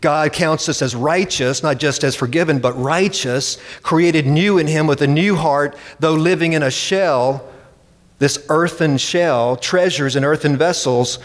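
A man's voice: on the high side, measured pace. Emphatic male preacher in a reverberant hall. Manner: emphatic, dramatic quoting. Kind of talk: sermon.

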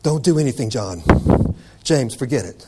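A man voicing Jesus as a gentle, calm man who speaks softly. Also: medium pitch, normal speed, heavy background noise, voice pushed down, natural voice.

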